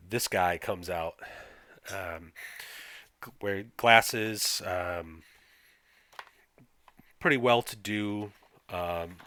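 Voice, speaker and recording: Reading aloud as the game master of a tabletop game, this man sounds hesitant and uses lots of fillers. His low voice comes across pushed and bright, and there's no room sound.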